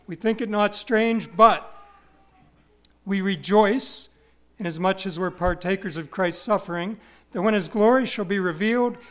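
A man preaching an expository sermon, stressing key words by repeating them and dropping into quiet, self-deprecating asides. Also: sits high. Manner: wide swings from loud stresses to quiet asides.

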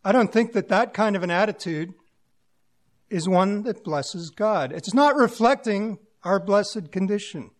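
A man with a high voice preaches a sermon to a congregation. He talks in a plain-spoken, musing way and leans on homely everyday examples. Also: lively intonation, measured pace.

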